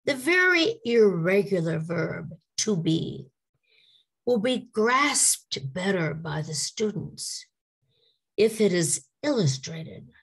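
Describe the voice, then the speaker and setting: Slow, gravelly woman teaching English. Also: mid-range voice, sing-song. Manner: deliberate, models example questions aloud. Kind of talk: slide-based teaching lecture.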